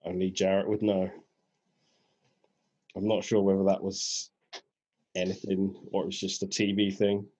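A man's voice: low-pitched, completely flat delivery, moderate pace, pauses often, darkish tone, slightly rough. A man co-hosting a podcast, chatting casually in a laid-back way and walking through the show's events. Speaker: podcast co-host. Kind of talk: casual chat.

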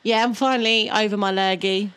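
A woman's voice: mid-range voice, steady tone, brisk, a bit bright, clear, resonant tone, no echo. Giggly woman co-hosting a podcast. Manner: giggly, reads notes aloud. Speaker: podcast co-host. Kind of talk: casual chat and reading history notes.

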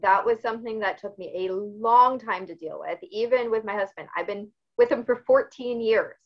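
This muffled recording captures a female podcast guest, an author and fitness expert, speaking at an ordinary speed with a medium-pitched voice. She opens up readily, telling personal stories with lively animation throughout the interview.

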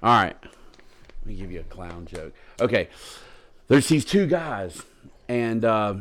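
A man's voice: fairly low pitch, very animated, slow. A man co-hosting a podcast in casual chat, rambling and crude as he tells a long dirty joke. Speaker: podcast co-host.

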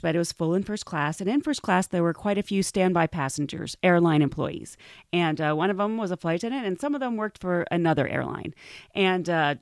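A woman's voice: on the low side, dry recording, clean studio sound. A woman hosting a podcast, telling a story casually, laughing often and acting out the people in it. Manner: giggly, animated, acts out quoted voices. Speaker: podcast host.

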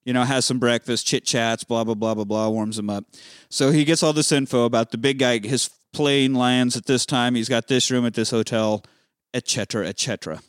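A man's voice: medium pitch, steady tone, a little fast, clean tone, dry recording, clean studio sound. A man casually recapping a movie on a podcast, rambling and swearing as he acts out the scenes. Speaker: podcast co-host.

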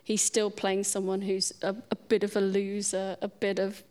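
A woman's voice: mid-range voice, monotone, moderate pace, warm tone. A woman co-hosting a casual film discussion, thoughtful and analytical.

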